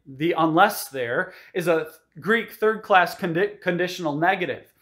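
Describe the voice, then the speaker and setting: Man, high voice, pastor delivering an emphatic, explanatory sermon. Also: normal speed, hardly any pauses, fairly bright tone.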